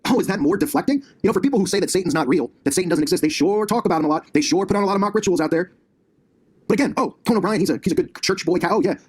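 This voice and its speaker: A man's voice: high voice, animated, rapid-fire, a little mellow, husky. A man hosting his own commentary channel, ranting combatively and sarcastically, recorded on a laptop in his basement. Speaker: conspiracy commentary channel host. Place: home basement.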